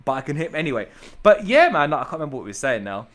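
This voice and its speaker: A man appears as a guest on a casual podcast, talking about his business with eager, emphatic enthusiasm. His voice sits a little high, and he repeats his points and calls the host bro. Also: big pitch swings, very fast. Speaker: podcast guest, tree surgery business owner.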